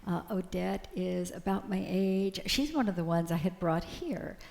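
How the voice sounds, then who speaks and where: An older American woman on a panel telling a personal story, halting and repeating words as she speaks. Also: fairly low pitch, creaky, darkish tone.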